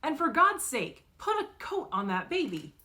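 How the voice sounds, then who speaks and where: A woman voicing an angry grown man who shouts scolding words from his car window. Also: sits high, very animated, moderate pace, voice pushed up, heavily acted. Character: angry adult male driver yelling from a car.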